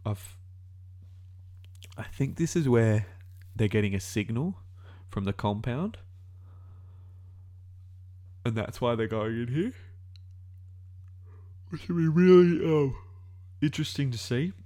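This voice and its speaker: A man's voice: mid-range voice, lively intonation, takes it slowly, long pauses, warm tone. A man in his twenties with an Australian accent, rambling through casual reaction commentary and thinking aloud, often correcting himself mid-sentence. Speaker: video reactor.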